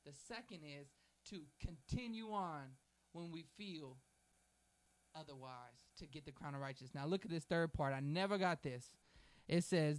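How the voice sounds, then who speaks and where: A man with a slightly high voice preaches at a moderate pace, fervent and emphatic, building repeated phrases and slipping in folksy, informal asides. The sermon includes a prayer read aloud.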